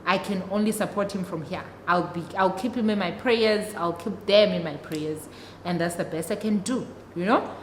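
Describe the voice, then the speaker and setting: A woman's voice: fairly low pitch, normal speed. A young South African woman whose first language is isiXhosa, telling a story-time vlog to her viewers in a chatty, dramatic way. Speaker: vlogger. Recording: echoey room, long reverb, faint noise.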